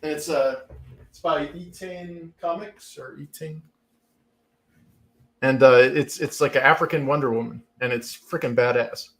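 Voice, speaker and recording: A man's voice: on the high side, steady tone, measured pace, fairly bright tone. A man, a comic book author, chatting casually as a guest and laughing often. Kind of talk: casual chat.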